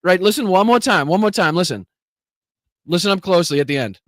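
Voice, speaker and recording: Male stream host, high and dry, cursing, laughing, incredulous reaction commentary. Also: animated, fast talker, a bit bright, no echo. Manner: profane, incredulous, laughs often.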